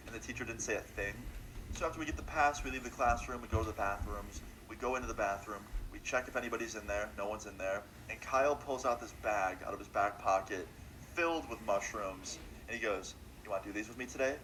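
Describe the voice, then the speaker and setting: A man's voice: on the low side, fairly quick, a bit bright, a little hiss or hum, low-quality recording. Laid-back young man telling a story. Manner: laid-back slangy retelling, acting out both sides of the dialogue. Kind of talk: casual storytime narration.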